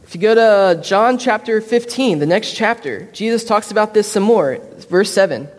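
A man's voice: sits high, animated, normal speed, big-room sound. A man preaching a sermon, telling stories in a casual, loose way with fillers and restarts. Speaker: pastor.

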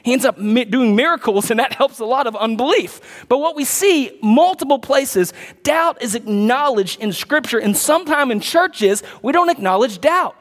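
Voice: medium pitch, lively intonation, normal speed, big-room sound. A pastor preaching a sermon in a conversational way, reading scripture aloud and adding casual asides to the congregation.

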